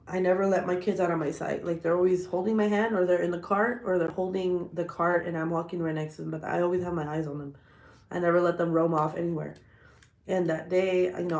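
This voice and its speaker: A woman in her thirties, a vlogger telling stories in a blunt, profane, animated casual chat. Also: on the low side, reverberant.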